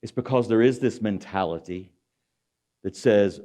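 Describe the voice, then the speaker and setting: A man's voice: fairly low pitch, unhurried, dark tone. Man preaching motivation to an audience. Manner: rhetorical, calls out to the audience. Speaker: guest speaker. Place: auditorium.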